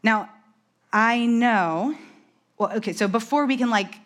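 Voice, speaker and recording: A woman delivers a conversational sermon. She talks fast and animatedly and drops in quick self-deprecating asides. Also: on the high side, fairly bright tone. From New York. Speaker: preacher.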